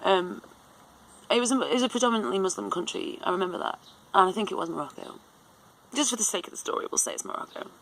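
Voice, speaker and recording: Gravelly, bright-voiced woman rambling. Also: mid-range voice, lively intonation, quick pace, a little hiss or hum, low-quality recording. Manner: rambling, with many fillers, restarts and laughs. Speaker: vlogger. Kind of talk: casual storytelling chat.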